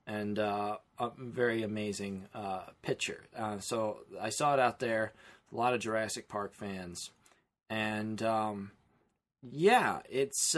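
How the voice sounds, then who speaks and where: A man co-hosting a casual film podcast, talking in a rambling, animated way and often breaking off and restarting mid-sentence. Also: on the low side. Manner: rambling, animated, self-interrupting. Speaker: podcast co-host.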